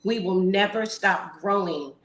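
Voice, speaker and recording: Middle-aged woman panelist, earnest, pauses with fillers, echoey room sound. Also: mid-range voice, fairly bright tone. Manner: earnest, encouraging, with hesitant fillers. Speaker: panel guest. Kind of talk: heartfelt panel talk. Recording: roomy echo.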